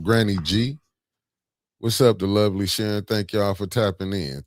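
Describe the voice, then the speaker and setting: A man's voice: sits low, no room sound. A man hosting a casual live stream, greeting viewers by name and calling them family and beloved while he sets up sharing.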